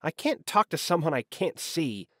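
An impatient young secretary, sharp-tongued and curt, as a male narrator puts her on. The voice sits well above his own, dry and close, clipped with irritation in this audiobook scene. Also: a little high, very animated, moderate pace, no echo, voice pushed up, heavily acted. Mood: irritated. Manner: curt, snappish.

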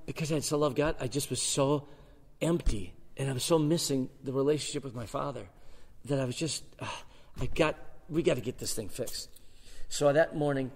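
A man's voice: medium pitch, in a large hall. Sixty-something pastor telling his story. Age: 60s. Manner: animated storytelling with dramatic swings in loudness. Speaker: guest pastor. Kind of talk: sermon with personal testimony. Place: church sanctuary.

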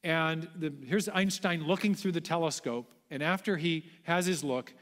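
A man's voice: a little high, moderate pace, a bit bright, long reverb tail. A man giving a public lecture, explaining step by step in an earnest way.

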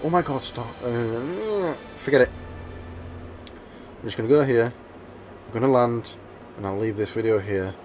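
A man giving let's-play commentary over his gameplay, excitable and exclaiming, at times mumbling. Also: mid-range voice, normal speed, long pauses, faint music behind. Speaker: gaming channel host.

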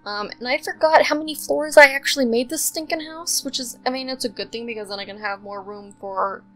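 A woman's voice: on the high side, a little fast, faint music behind, poor audio. A young woman rambling casually with lots of fillers, giving voice-over commentary on a building game. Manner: rambling, chatty, lots of ums and likes. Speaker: Sims speed-build commentator.

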